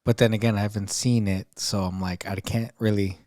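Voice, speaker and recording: A man's voice: on the low side, flat delivery, fairly quick, darkish tone, dry recording, clean studio sound. A man co-hosting a podcast, chiming in with short reactions and jokes during casual chat. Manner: short reactions and joking asides. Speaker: podcast co-host.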